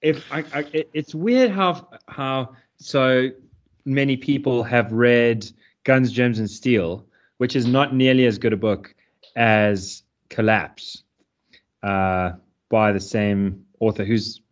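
A man's voice: medium pitch, steady tone, takes it slowly. A man co-hosting a podcast, rambling and joking with stammering restarts. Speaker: podcast co-host. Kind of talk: casual political chat.

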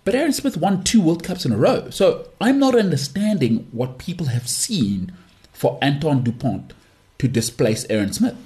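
A man's voice: fairly high pitch, sing-song, normal speed, warm tone. Emphatic man ranting on sport. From South Africa. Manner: emphatic, dismissive, repeats phrases for effect. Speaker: podcast host. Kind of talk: opinionated solo sports talk.

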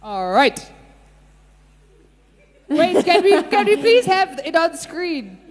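A woman's voice: very high voice, sing-song, slow, a crowd in the background. A woman hosting a casual comedy chat, laughing and teasing as she runs a party game. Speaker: show host. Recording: long hall reverb.

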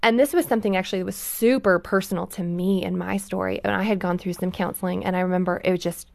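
A woman who is a parent talking earnestly about raising her children, animated and chatty. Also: medium pitch, fast, gravelly, no echo. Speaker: guest, parent. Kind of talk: casual radio talk.

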